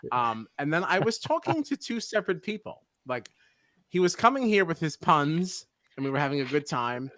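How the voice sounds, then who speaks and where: A man's voice: fairly high pitch, moderate pace. A man hosting a podcast, telling stories in casual chat with frequent laughter. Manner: animated, laughing storyteller. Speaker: podcast host.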